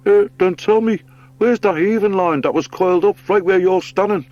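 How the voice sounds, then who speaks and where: A man's voice: sits high, normal speed, a little mellow, lo-fi sound, voice pushed up, lightly acted. A man voicing a dim, jittery male vermin sentry in an audiobook, with a whiny, insistent way of talking. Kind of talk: audiobook character voice.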